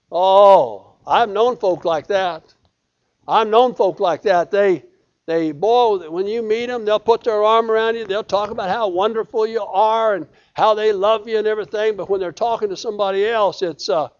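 A man's voice: high voice, lively intonation, moderate pace, darkish tone, lo-fi sound. A man preaching a sermon in a folksy, emphatic way, often repeating his phrases. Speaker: pastor.

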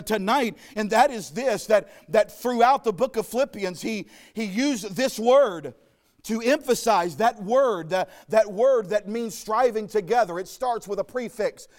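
Preacher man from Arkansas, high voice, folksy joking sermon style. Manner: folksy, joking asides, storytelling.

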